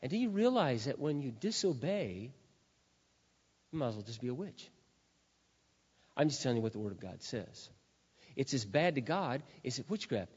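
A middle-aged male pastor delivers a forceful sermon, pushing loud emphasis and then sinking into low, intense stretches. His voice carries a long hall reverb, and the sound is slightly dull, as if from an older recording. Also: very animated, moderate pace, pauses often, slightly rough.

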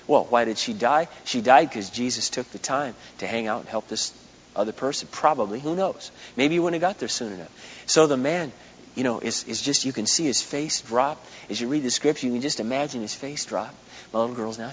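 A man's voice: medium pitch, a little fast, slight background noise. A man from Minnesota preaching a storytelling sermon, acting out the voices in his stories. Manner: animated, acts out quoted voices, laughs at himself. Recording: muffled lo-fi recording.

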